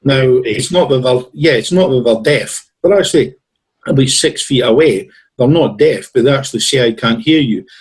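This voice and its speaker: A man with a husky, breathy voice at an ordinary pitch. He is a guest on a talk show and tells rambling stories in a conversational way, slipping into the lines of the people in them. His throat sounds a bit tickly. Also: normal speed, poor audio. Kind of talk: storytelling in a conversation.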